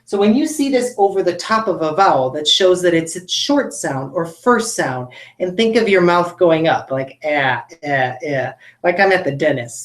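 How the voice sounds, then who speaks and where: A woman teaching a phonics lesson to children, speaking patiently and sounding out each sound slowly. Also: fairly low pitch, roomy sound. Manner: slow, patient, models sounds clearly.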